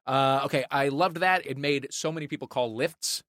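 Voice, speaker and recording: A man's voice: medium pitch, normal speed, a bit bright, no echo, clean studio sound. Wry man hosting. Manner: wry, playful, crude jokes. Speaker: podcast host. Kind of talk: comedy podcast hosting.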